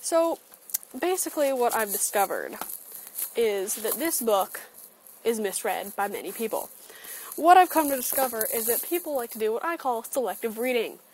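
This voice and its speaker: In a webcam opinion vlog, a woman with a fairly high-pitched voice swears a lot and rants with lively sarcasm at normal speed. The low-grade computer webcam recording carries a slight hiss or hum.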